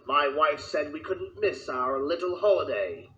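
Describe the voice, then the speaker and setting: A man's voice: on the high side, expressive, unhurried, fairly bright tone, reverberant, dull audio, slight background noise. A man voicing a pompous old railway boss. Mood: smug. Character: pompous fussy older male railway boss. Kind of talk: fan parody dub.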